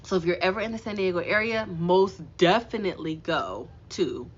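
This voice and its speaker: A woman from the Los Angeles area telling a story to her live-stream audience, animated and self-mocking, laughing often. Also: fairly low pitch, normal speed, dull audio. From Los Angeles area, California.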